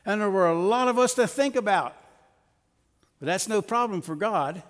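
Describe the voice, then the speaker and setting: High-voiced pastor preaching in a reverberant church. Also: male voice, lively intonation, normal speed. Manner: conversational preaching with personal stories and jokes. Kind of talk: sermon. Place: church sanctuary. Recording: long hall reverb of a church.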